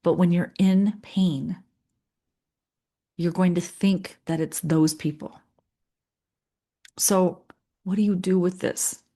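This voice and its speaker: Chatty woman leadership coach, lowish voice. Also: steady tone, takes it slowly, long pauses, dark tone. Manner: earnest, chatty, acts out clients' voices. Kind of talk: coaching session talk.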